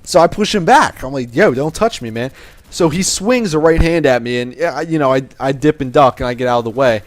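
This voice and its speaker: A man's voice: mid-range voice, animated, fairly quick, no room sound. A young man telling a casual, profane story to camera, with a swaggering manner and plenty of fillers and restarts. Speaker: vlogger telling a life story.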